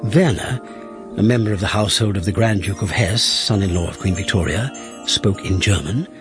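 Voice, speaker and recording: A man giving voice to a genial, formal Victorian royal secretary, read as a letter in a low, measured voice. Soft music sits faintly beneath him. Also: natural voice. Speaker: reader of a historical letter. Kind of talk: dramatised letter reading.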